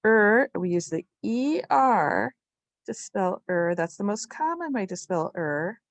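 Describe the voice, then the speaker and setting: A woman teaching a spelling lesson to young children, slowly sounding out each syllable with patience. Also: mid-range voice, sing-song, no echo.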